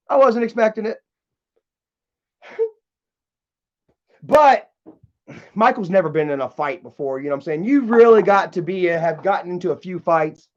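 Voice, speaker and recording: A man with a high voice tells casual, profane, wandering stories to his live stream chat and keeps laughing at them himself. The recording has a dull, lo-fi quality.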